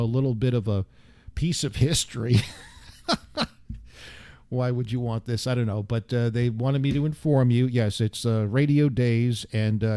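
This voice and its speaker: A male show host who drifts through a loose monologue, cracking wry, self-deprecating jokes. He has a dark, mellow tone and a dry recording with little room sound. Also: mid-range voice, dry recording. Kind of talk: casual rambling monologue.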